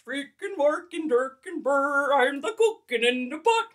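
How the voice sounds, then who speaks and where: A woman's voice: high-pitched, expressive, a little slow, a bit bright, voice pushed up. A woman doing a goofy, singsong gibberish impression of a male puppet chef. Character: babbling mock-foreign puppet chef, male.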